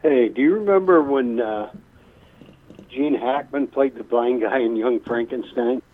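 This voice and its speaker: A man's voice: mid-range voice, a little slow. Male caller on a tinny phone line. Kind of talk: call-in radio chat.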